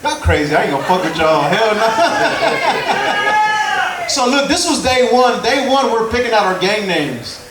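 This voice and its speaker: A man's voice: very high-pitched, very animated, measured pace, distant mic. A young man from Houston doing a stand-up comedy set, loose and conversational, laughing at his own punchlines. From Houston, Texas. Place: comedy club stage before a live crowd. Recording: roomy club recording with crowd noise.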